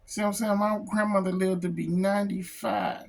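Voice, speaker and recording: A man who is a comic book artist, talking in an emotional personal vlog, close to tears, halting and repeating himself. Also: high voice, little pitch movement, vocal fry. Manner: halting, repeats phrases, says "man" a lot. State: tearful, close to crying.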